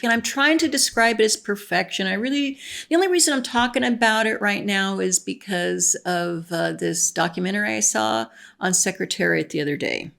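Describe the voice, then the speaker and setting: A woman's voice: mid-range voice, moderate pace, vocal fry, a bit bright. A woman vlogger talking in a casual, enthusiastic, rambling monologue, full of fillers.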